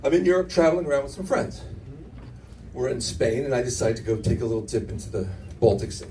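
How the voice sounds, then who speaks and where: A man's voice: mid-range voice, fast talker, distant mic, slight background noise, rough recording. A middle-aged man performing a stand-up comedy set in a club, telling stories with lots of restarts and audience laughter behind. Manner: animated storytelling with many restarts.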